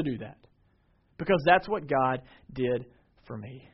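A man's voice: medium pitch, expressive, a little slow, husky. Impassioned preacher, man, lo-fi. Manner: swings from shouted emphasis to quiet confiding. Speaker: pastor. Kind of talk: sermon. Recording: dull lo-fi sermon audio.

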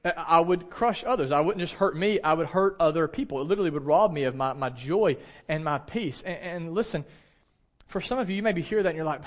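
Man preaching a lively conversational sermon. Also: on the high side, brisk. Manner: animated storytelling, shouts when acting out anecdotes; direct, conversational preaching to the congregation. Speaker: pastor.

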